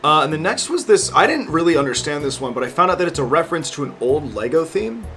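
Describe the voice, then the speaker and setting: A man's voice: a little high, very animated, quick pace, bright, forceful tone, faint music behind. A young man in his twenties chatting casually as a vlogger, rambling and joking with lots of fillers and swearing. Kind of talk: casual chat.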